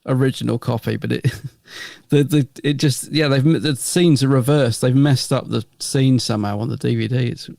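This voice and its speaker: Male podcast co-host, gravelly voice, rambling casual chat, dry close sound. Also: mid-range voice, fairly even intonation, moderate pace, few pauses, darkish tone, no room sound. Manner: rambling, chuckles often.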